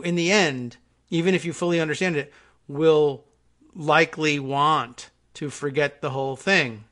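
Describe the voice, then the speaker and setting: Male radio host, fairly high voice, wry and musing, rambling monologue. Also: fairly bright tone. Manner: wry, musing, conversational with frequent restarts. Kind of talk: political talk radio monologue.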